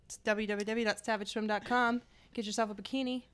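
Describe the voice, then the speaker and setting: A young woman hosts a casual podcast with a brash, joking manner. She swears freely and pushes her lines loudly, in a mid-pitched voice. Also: fairly even intonation, a little fast. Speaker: podcast host.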